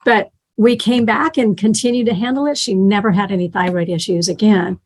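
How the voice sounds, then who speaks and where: A woman's voice: mid-range voice, fairly even intonation, fairly quick, a little mellow. A middle-aged woman teaching a health class in a conversational way, checking in with her listeners and telling patient stories. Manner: conversational, tells patient stories, acts out quotes.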